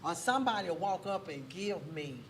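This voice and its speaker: A woman telling a faith story as a guest on a casual talk show, lively and full of church exclamations. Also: fairly low pitch, fairly quick. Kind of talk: testimony in a casual chat. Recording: distant mic with faint background noise.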